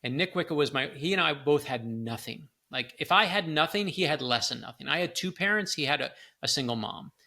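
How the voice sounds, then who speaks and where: A man's voice: a little high, a little fast, few pauses. A middle-aged man, an author as a guest, telling personal stories in conversation and acting out the quoted lines. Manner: animated storyteller, acts out quoted lines. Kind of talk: storytelling in a conversation.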